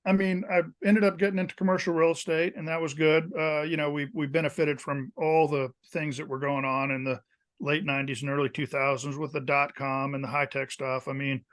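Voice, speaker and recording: Animated man telling football stories. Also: a little high, brisk. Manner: animated storyteller who acts out quoted coaches. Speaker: podcast guest, former college kicker. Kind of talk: casual storytelling interview.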